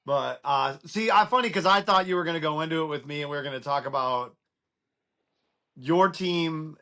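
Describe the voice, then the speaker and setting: A man hosting a casual sports podcast, dropping quick wisecracks. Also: fairly high pitch, pushed and bright. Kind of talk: casual chat.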